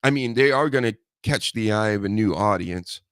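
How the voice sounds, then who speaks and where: A man hosting a solo podcast, rambling and joking with mock threats and loud mocking outbursts. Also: lowish voice, normal speed, no echo, clean studio sound. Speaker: podcast host. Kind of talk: casual solo wrestling podcast chat.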